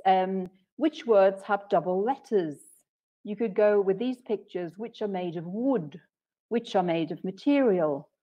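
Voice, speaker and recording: A woman training English teachers in an online session, explaining patiently and clearly with frequent "okay"s. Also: mid-range voice, mellow, rough recording. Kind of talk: webinar teaching talk.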